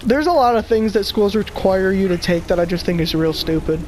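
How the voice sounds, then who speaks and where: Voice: medium pitch, expressive, brisk, over music. A teenager hosting a casual podcast chat, complaining and telling stories animatedly. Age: teens. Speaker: podcast host.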